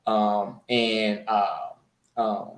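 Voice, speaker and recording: A man's voice: fairly low pitch, flat delivery, drawn-out words, reverberant. A man, a bootcamp graduate, talking casually in an interview over a video call, with lots of fillers and restarts. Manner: hesitant, many fillers and restarts.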